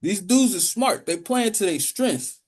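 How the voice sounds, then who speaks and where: With a high-pitched, animated, darkish voice and a measured pace, a male podcast co-host trades casual banter, filling his foul-mouthed stories with comic impressions.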